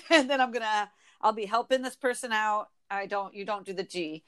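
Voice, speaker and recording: A woman with a Michigan accent hosting a casual podcast chat, playful and quick to laugh as she acts out phrases. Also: a little high, fairly bright tone, clear, resonant tone. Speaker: podcast host.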